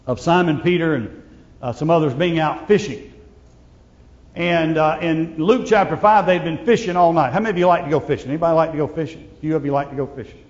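A male pastor preaching a sermon, swinging from loud proclamation to hushed, intimate asides. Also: on the high side, in a large hall, lo-fi sound.

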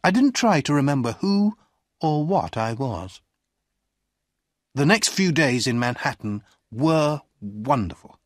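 A male audiobook narrator reads a simple story slowly and deliberately. His pitch rises and falls widely, and his voice has a slight huskiness. The sound is dry and close to the mic. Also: very animated, dry recording. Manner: slow, deliberate reading with wide swings in pitch. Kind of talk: graded-reader storytelling.

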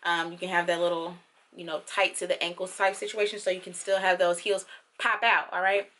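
A young woman chatting casually through a clothing try-on haul, playful and slangy, with sudden high squeals of excitement. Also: brisk. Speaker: fashion vlogger.

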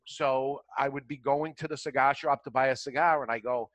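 A man's voice: medium pitch, steady tone, moderate pace, a bit bright, no room sound, poor audio. A man, casually telling a long anecdote as a talk show guest and acting out both sides of old conversations. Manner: anecdotal, acts out dialogue in quotes. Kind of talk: casual storytelling.

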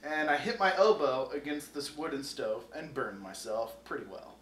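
A man's voice: medium pitch, normal speed, fairly bright tone, far from the mic, slight background noise. A tipsy young man hosting, reading a book aloud with crude, joking, rambling asides. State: tipsy from whiskey. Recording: roomy, off-mic, faint music.

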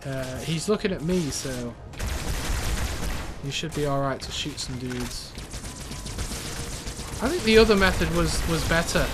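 A young man casually commentating a co-op shooter game, joking, swearing and narrating his own moves. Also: on the high side. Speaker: gameplay commentator.

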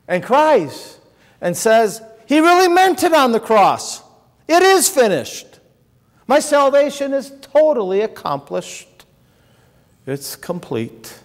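A male pastor preaching a sermon with passion, swinging between soaring high exclamations and low, quiet drops. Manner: impassioned, rising to high exclamations then dropping low. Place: church sanctuary. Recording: long church reverb.

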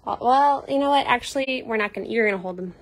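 A woman's voice: fairly high pitch, fast, slight background noise. A woman hosting a casual livestream from inside a cat shelter, chatty and upbeat as she reads out donations. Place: cat shelter room indoors. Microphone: phone.

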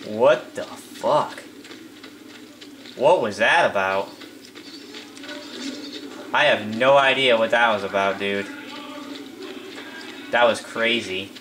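A man's voice: medium pitch, a little slow, long pauses, noisy background. A young man giving casual live commentary over his gameplay. He chats loosely, says "dude" a lot, and often breaks into laughing disbelief.

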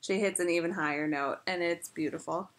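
A woman's voice: fairly low pitch, steady tone, brisk, heavy background noise. A woman vlogger in casual chat, gushing and chatty with lots of filler words.

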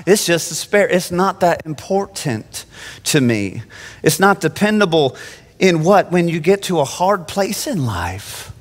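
Male pastor, high pitch, animated sermon delivery, echoing sanctuary. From Phoenix. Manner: animated preaching with frequent restarts. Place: church sanctuary. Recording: long church-hall reverb.

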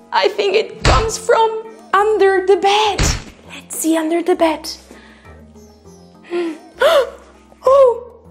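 A young woman teaching English to children, acting out playful pretend fright with big gasps and sing-song lines. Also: very high-pitched. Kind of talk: acted children's lesson.

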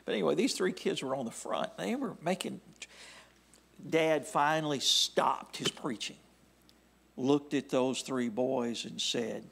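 Slow, whispery-ending male preacher. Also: medium pitch, vocal fry, fairly bright tone, breathy edge. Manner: deliberate, drops to a near whisper at phrase ends. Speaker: pastor. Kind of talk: sermon. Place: church sanctuary.

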